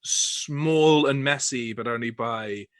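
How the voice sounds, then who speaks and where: A man narrates as game master of a tabletop game, halting, with many fillers and restarts. His voice is mid-range, with no echo.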